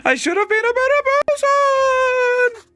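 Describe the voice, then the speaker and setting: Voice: bright, forceful tone, dry recording, heavily acted. A streamer putting on a wailing sad ghost. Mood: mournful. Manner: high, drawn-out, wailing delivery. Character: sad, lonely, mournful ghost of a sinner. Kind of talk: reading game dialogue aloud.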